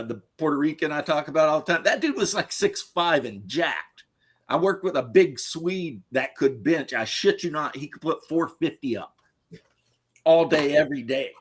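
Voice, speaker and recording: A man's voice: medium pitch, fairly bright tone, breathy edge. A middle-aged man, a podcast host, giving his opinions in a blunt, crude, casual chat and laughing at his own stories.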